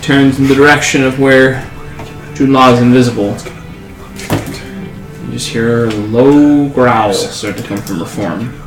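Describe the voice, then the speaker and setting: 남자 게임 마스터, 울리는 방. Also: male voice, mid-range voice, a little slow, pauses often. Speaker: game master. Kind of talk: narrating a tabletop game. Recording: echoey room, music behind.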